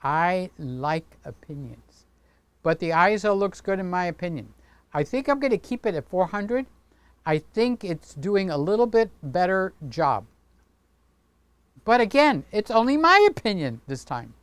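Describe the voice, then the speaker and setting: A man's voice: sits high, big pitch swings, a little slow, clean tone, no room sound. A man hosting a casual livestream, chatting playfully with viewers and talking with his hands. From Greek heritage. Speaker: livestream host.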